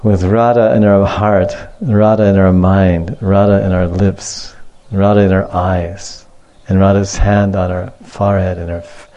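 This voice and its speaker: A man gives a devotional lecture on scripture in a mellow, soft-edged voice. He repeats key words, drifts into side remarks, laughs often and acts out the scenes he retells. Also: low voice, little pitch movement, unhurried, highs cut off. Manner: repetitive, digressive, laughs often, acts out stories. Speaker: spiritual teacher.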